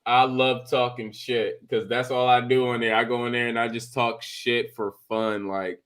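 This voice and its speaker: A man co-hosting a podcast, telling animated, profane stories in casual chat and laughing often. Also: medium pitch, moderate pace. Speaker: podcast co-host.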